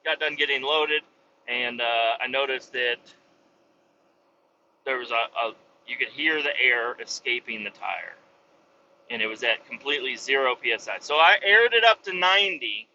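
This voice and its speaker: Profane ranting man, bright voice. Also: medium pitch, lo-fi sound, a little hiss or hum. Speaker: podcast host, truck driver. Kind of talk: casual solo podcast rant.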